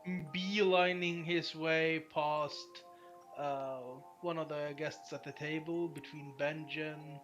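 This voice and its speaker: Brief: a man game-mastering at a slow, meandering pace, with lots of "like" and "uh", faint music under him. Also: on the high side, a bit bright, lo-fi sound. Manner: hesitant, filler-heavy, drawn-out phrasing. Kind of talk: narrating a tabletop game.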